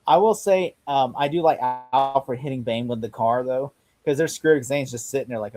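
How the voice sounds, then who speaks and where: A man's voice: on the high side, brisk, a little mellow. A man hosting a podcast in casual chat, rambling through retellings, acting out lines and laughing often. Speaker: podcast host.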